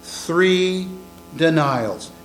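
A man's voice: on the high side, animated, extremely slow, faint music behind. Dramatic storytelling male preacher. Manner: dramatic storytelling, acting out scenes, dropping to whispers for emphasis. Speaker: pastor. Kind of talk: sermon.

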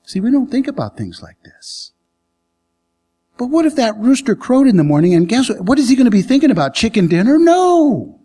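A man preaching a sermon, retelling a scripture story with acted-out lines and sudden hushed whispers. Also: very high-pitched, very animated, fairly quick. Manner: dramatic storytelling, acting out scenes, dropping to whispers for emphasis. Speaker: pastor.

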